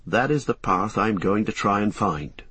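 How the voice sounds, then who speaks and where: Steady husky hobbit guy explaining the path, man voicing him. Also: on the low side, moderate pace, no room sound, heavily acted. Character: hobbit man Merry, calm and knowing guide.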